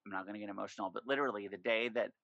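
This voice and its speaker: A man talking as a podcast guest in casual chat, telling stories in an animated, profane way. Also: lowish voice, racing, vocal fry, dry recording, dull audio.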